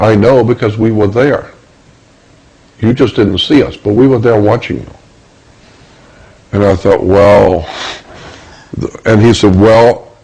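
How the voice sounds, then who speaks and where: A man from Florida telling a personal story in the first person, halting and repeating words as he searches for them. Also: fairly low pitch, darkish tone, husky, rough recording. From Florida, USA. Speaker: storyteller recounting a personal experience.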